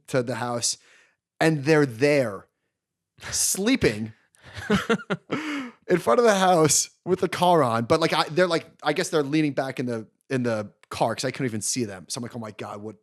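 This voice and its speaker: A man in his thirties co-hosting a podcast, telling a long story in an animated, casual way and laughing along. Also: a little high, moderate pace. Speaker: podcast co-host. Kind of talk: casual chat.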